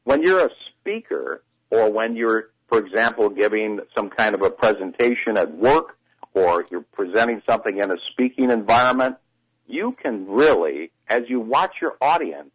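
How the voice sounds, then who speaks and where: Man, voice coach, radio interview, expressive, very lively pitch, muffled sound. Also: moderate pace, husky. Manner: expressive, demonstrative speaker. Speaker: voice coach and broadcaster. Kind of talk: radio interview, demonstrating voice exercises.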